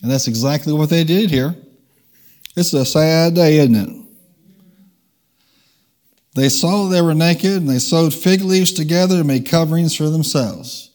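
In church, a pastor preaches and leads call-and-response, shifting his pace for emphasis. His voice is a little high and a little mellow, measured in pace with long pauses.

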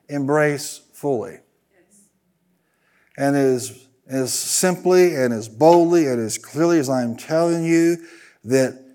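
This pastor's voice is fairly high in pitch with a darkish tone. He drives his sermon forward with repetition and draws the congregation into call-and-response.

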